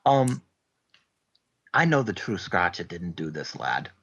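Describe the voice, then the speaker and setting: A man voicing a gruff male mercenary interrogator with a put-on Scottish accent, threatening and calling people lad. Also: deep voice, big pitch swings, slow pace, fairly bright tone, highs cut off, voice pushed down, full character voice.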